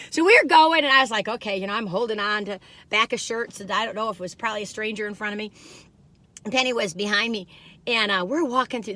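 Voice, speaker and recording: A woman's voice: medium pitch, pushed and bright, no echo. A woman in her sixties, chatting in a bubbly, rambling way with many asides as she reviews food. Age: 60s. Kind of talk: casual chatty storytelling.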